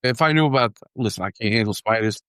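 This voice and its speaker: Relaxed middle-aged man telling stories. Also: on the low side, fast, clean tone, no echo, studio quality. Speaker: guest, retired detective. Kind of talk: casual storytelling. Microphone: video call from home.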